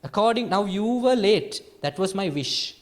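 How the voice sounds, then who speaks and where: Soft-spoken Sri monk, high voice. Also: male voice, normal speed, a little hiss or hum. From Sri Lanka. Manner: lively teaching, swings between soft and emphatic. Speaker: Buddhist monk teacher. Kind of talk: dharma talk to a small group.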